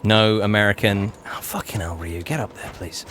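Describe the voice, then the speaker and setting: A man's voice: normal speed, fairly bright tone. A young man streaming a game, chatting casually, reading viewer comments aloud and swearing at the action. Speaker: gaming streamer. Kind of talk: casual live-stream chat while playing. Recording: noisy low-quality stream audio.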